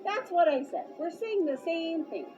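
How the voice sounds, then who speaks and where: A woman's voice: very high voice, animated, normal speed, voice pushed up. A woman voicing a pompous, self-centered male superintendent who whines like a child having a tantrum, in a storybook reading. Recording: dull lo-fi with loud music.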